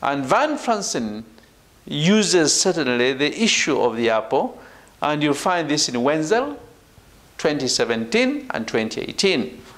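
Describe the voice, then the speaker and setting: A man from Uganda giving a university lecture, emphatic, with "right" and "ladies and gentlemen" tagged onto his phrases. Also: big pitch swings, unhurried. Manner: emphatic, falls low at phrase ends. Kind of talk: academic lecture.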